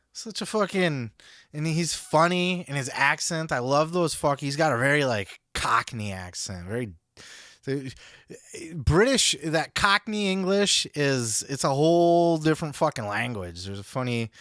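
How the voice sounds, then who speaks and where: A man hosting a wrestling podcast in casual, animated commentary, swearing freely and laughing between points. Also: medium pitch, smooth, no echo, clean studio sound. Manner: animated, profane, laughing asides. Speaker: podcast host.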